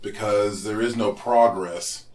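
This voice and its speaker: A man's voice: lowish voice, fairly even intonation, slow pace, darkish tone. A middle-aged man from Kansas, a musician guest talking casually and joking with plenty of profanity on a podcast. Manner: laid-back, profane, joking.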